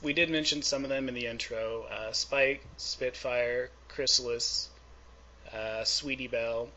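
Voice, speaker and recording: A man hosts a casual interview and puts his questions with a friendly, chatty ease, often pausing on fillers. His voice sits in a middle pitch with a bright, forward tone. The recording is dull and lo-fi, with a faint hiss underneath. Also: steady tone. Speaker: interviewer host.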